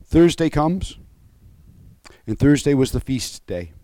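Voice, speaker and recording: A man's voice: fairly high pitch, expressive, takes it slowly, warm tone, dry recording. A male pastor giving a conversational sermon. He is earnest and openly moved, and he often halts, restarts and adds asides.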